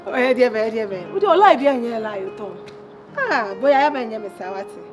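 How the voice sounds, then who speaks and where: Actress doing a flashy ghanaian young woman, giggly, teasing, high lively voice, soft music behind. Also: fairly quick, lightly acted. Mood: playful. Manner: laughing, teasing, mixing Twi and English slang. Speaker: actress in a Kumawood film. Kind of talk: dramatic film dialogue.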